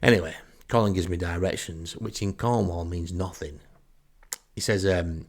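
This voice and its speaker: A man's voice: sits low, steady tone, moderate pace. An older man with a Northern English accent telling a comic story in a wry, chatty, self-deprecating way. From Northern England. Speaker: storyteller, podcast host. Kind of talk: comic first-person storytelling.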